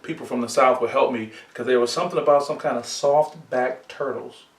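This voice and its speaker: A man hosting a sports psychology podcast, telling stories in a casual, animated way and asking himself rhetorical questions. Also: mid-range voice, brisk. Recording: roomy, distant mic.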